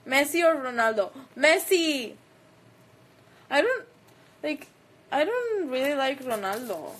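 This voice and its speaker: A woman's voice: high voice, big pitch swings, takes it slowly, a bit bright, rough recording. A young woman with a Mexican accent whose first language is Spanish, chatting casually into a phone and reading out fan comments, laughing often. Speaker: livestreamer answering fans.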